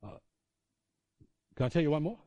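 A man's voice: a little high, animated, moderate pace, dark tone, no echo. Dry, conversational male preacher. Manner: rambling conversational, frequent tag questions. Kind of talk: sermon testimony storytelling.

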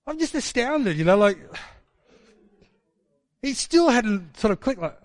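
A man's voice: extremely high pitch, very animated, a little slow, long pauses, no echo. A man preaching a sermon in a casual storytelling way, with fillers and tag questions.

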